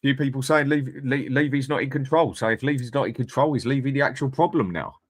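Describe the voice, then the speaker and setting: A man's voice: mid-range voice, quick pace, no room sound. A man hosting a live fan stream, chatting bluntly and reading out viewer comments. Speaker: fan channel host. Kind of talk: casual live-stream chat.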